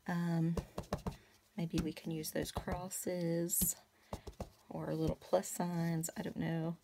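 A woman chatting casually to her viewers while she crafts, rambling with many fillers and soft asides. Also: lowish voice, gravelly, background noise. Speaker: craft vlogger.

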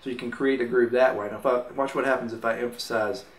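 A man's voice: mid-range voice, fast. Man teaching mandolin, counting beats. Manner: relaxed, explains while playing, counts beats aloud. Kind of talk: instructional demonstration. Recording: roomy, off-mic with mandolin playing. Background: mandolin music.

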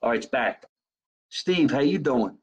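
A man's voice: medium pitch, animated, unhurried, a little hiss or hum, rough recording. A man from New Jersey, a comedian hosting a live stream from his kitchen, joking brashly and swearing freely in casual chat. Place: home kitchen.

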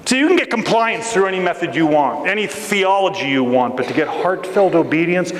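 A man giving a storytelling sermon as a guest preacher, animated and acting out voices in his story, recorded in a church sanctuary. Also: high-pitched, a little fast. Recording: echoey church hall with faint ambience.

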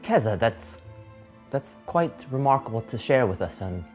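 A man playing a halfling at a tabletop game, halting and jokey, switching between a put-on accent and his own voice. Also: medium pitch, sing-song, loud music behind the voice. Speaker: player.

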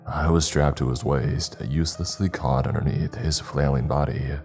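A man voicing a protective, grizzled male demon hunter in a horror story reading, speaking in a hushed, firm, urgent way. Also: rumbling low, steady tone, normal speed, soft background music.

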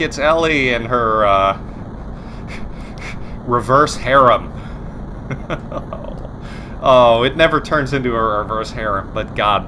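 Over game music, this let's play commentator talks loosely as he plays, wandering off topic, joking, swearing and being self-mocking. His mid-range voice sounds pushed and bright, with slight background noise.

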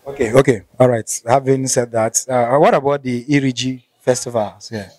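A man with a Nigerian accent interviewing a guest, polite and measured but stumbling when he improvises. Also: medium pitch, fairly even intonation, darkish tone. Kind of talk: casual interview questions.

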